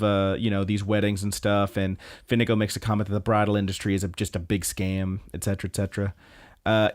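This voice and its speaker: A young man with a fairly low voice co-hosts a casual podcast. He recaps anime episodes in a rambling, animated way, often slipping into the characters' lines as he goes. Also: clean tone. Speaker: podcast co-host.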